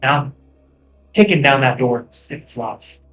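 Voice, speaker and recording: A man's voice: medium pitch, lively intonation, unhurried, a bit bright, soft background music, low-quality recording. A man talking casually as a player at a tabletop game, eager and joking.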